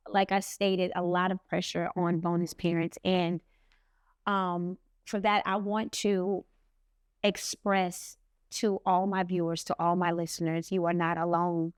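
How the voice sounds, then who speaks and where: A middle-aged woman co-hosting a podcast, speaking earnestly and reflectively with pauses. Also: fairly low pitch, level tone, smooth, dry recording, clean studio sound. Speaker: podcast co-host. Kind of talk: heartfelt podcast talk.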